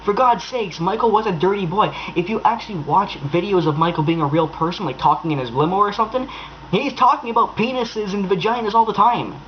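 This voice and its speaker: A man's voice: high-pitched, brisk, highs cut off, a little hiss or hum. A young man ranting to camera in an exasperated, sarcastic tone, swearing freely. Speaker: vlogger. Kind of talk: angry rant to camera.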